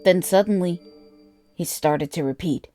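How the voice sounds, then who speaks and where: A woman narrating a first-person horror story in a measured, deliberate way. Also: fairly low pitch, warm tone, soft background music.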